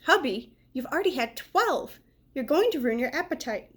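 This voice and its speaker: Storybook mom, patient and gently lecturing, as read by a woman, a bit high. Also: very animated, normal speed. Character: patient, caring mother of a young boy.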